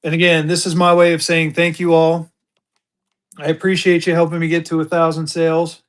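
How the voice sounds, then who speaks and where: A man with a slightly higher voice runs a casual live auction from home. He talks in a loose, chatty way, full of fillers and thanks to his buyers. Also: completely flat delivery, brisk. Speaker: livestream seller.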